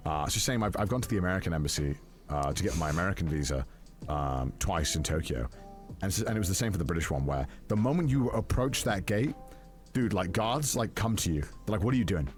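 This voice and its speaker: A man's voice: sits low, expressive, brisk, soft background music. A man, a YouTuber telling a rambling story in casual chat, full of fillers and restarts. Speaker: YouTuber host.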